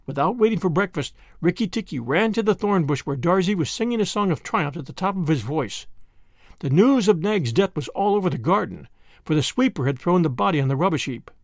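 Reading a classic story aloud at a brisk pace, this male narrator is dramatic and expressive, his high, gravelly voice swooping often. It's recorded close and dry, without any echo or room sound.

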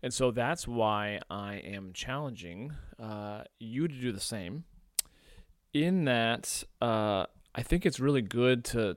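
A man's voice: medium pitch, dry recording, clean studio sound. A man hosting his own coaching podcast. He talks casually from a room by a window, rambling with fillers after a punchy intro. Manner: energetic scripted intro, then relaxed rambling with fillers. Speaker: podcast host and men's coach. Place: indoors by a window overlooking a beach.

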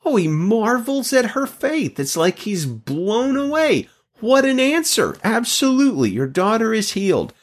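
A man's voice: high-pitched, big pitch swings, unhurried, few pauses. A man giving a devotional Bible talk as a teacher, emphatic and stretching key words.

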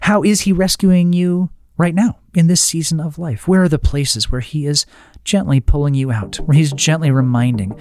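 A man's voice: fairly high pitch, normal speed, a little mellow, no echo. Earnest man giving a devotional talk. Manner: earnest, with frequent restarts and tag questions. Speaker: Christian teacher.

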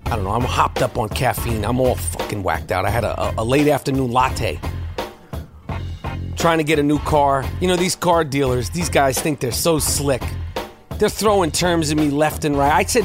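A man hosting his own podcast, ranting in a brash, animated way, cursing and stumbling over repeated words. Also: medium pitch, moderate pace, over music. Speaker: podcast host. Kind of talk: profane rant.

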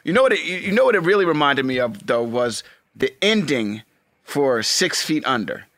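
Excitable, lively man, dry close sound. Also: mid-range voice, normal speed, no echo. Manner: excitable, animated, playful. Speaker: podcast co-host. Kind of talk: casual chat.

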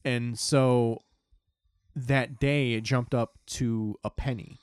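A man's voice: medium pitch, steady tone, takes it slowly, clean tone, no echo, clean studio sound. A young man, a podcast host, tells a story in casual chat, swearing often and acting out his own reactions.

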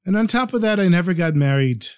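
A man's voice: sits high, lively intonation, fast talker, smooth, no room sound, clean studio sound, pitched above the performer's own voice. A man voicing a humble wandering barber who speaks plainly and modestly of himself. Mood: earnest. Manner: plain, modest and self-effacing.

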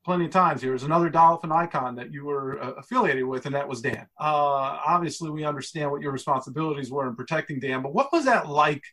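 Quick-talking man hosting a chat. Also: on the high side, sharp tone. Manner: laughs easily, asks long rambling questions. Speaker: podcast host. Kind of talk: casual interview chat.

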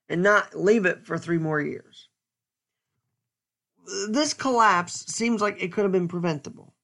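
A man giving an earnest, stern solo commentary as a podcast host, speaking deliberately with pauses. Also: high voice, fairly bright tone.

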